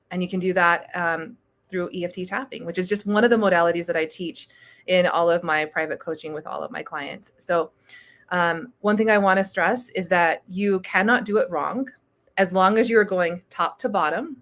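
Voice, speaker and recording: A woman in her thirties with a fairly low voice talks through a casual live stream. She coaches viewers on tapping in a relaxed, encouraging way, dropping in plenty of ums along the way. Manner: relaxed, encouraging, chatty with fillers.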